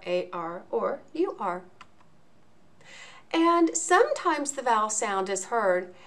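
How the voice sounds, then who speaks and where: A woman teaching a lesson in a video, explaining each point slowly and enunciating clearly. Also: medium pitch, a bit bright. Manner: slow, deliberate, clearly enunciated.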